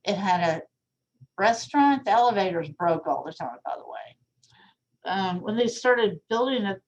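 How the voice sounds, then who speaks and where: A young woman talks through an art history lecture in a loose, conversational way. She drifts into small asides and plain fillers. Her pitch sits in an ordinary middle range. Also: very animated, measured pace, muffled recording. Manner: casual, chatty, with fillers and asides. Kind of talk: recorded classroom lecture.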